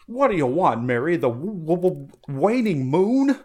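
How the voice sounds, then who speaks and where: A man's voice: fairly high pitch, big pitch swings, unhurried, a little mellow, voice pushed up. A man doing an impression of a stammering, earnest old-time film hero. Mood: pleading. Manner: stuttering, drawling impression.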